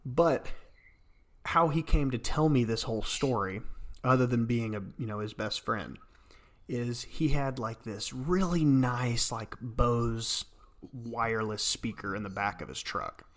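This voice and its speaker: A man's voice: mid-range voice, a little slow. Man telling a rambling story. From Arkansas. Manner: rambling, laughs through his stories. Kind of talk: casual storytelling chat.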